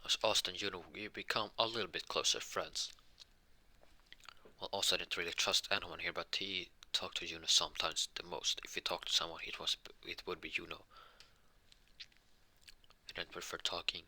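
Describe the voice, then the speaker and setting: A man's voice: deep voice, steady tone, moderate pace, pauses often, pushed and bright. A man improvising a fan-made story, rambling with frequent restarts and fillers. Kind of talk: improvised fan-fiction retelling.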